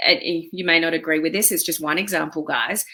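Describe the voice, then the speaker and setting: A woman's voice: low voice, fairly even intonation, a little fast, pushed and bright. A woman giving casual, encouraging motivational advice to her online community, chatty and full of fillers. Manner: chatty, encouraging, with many fillers and quoted self-talk. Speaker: online business coach.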